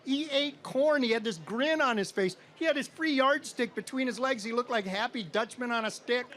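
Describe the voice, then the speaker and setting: A middle-aged man from Minnesota telling a comic story with dry, deadpan timing to a live audience at an outdoor state fair stage. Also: very high-pitched, moderate pace, a little hiss or hum.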